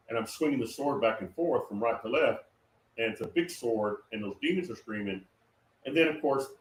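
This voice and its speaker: A man casually recounting a dream in a rambling way, with many fillers and restarts. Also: medium pitch. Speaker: guest recounting a prophetic dream. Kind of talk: casual conversational storytelling. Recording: roomy, distant mic with faint noise.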